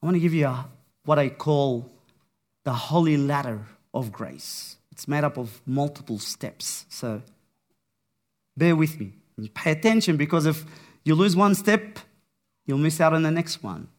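A man preaching a sermon, with a slow, dramatic delivery that swings from hushed to raised. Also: a little high.

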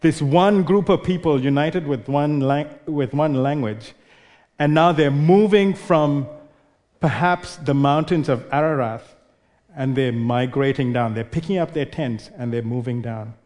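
A man's voice: fairly high pitch, measured pace, a little mellow, big-room sound. A male preacher giving an expository sermon, explaining and posing rhetorical questions.

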